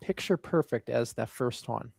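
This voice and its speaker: A man co-hosting a wrestling show, talking in a rambling, halting, good-natured way. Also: mid-range voice, gravelly, darkish tone, husky, no room sound. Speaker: co-host. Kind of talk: casual wrestling show chat.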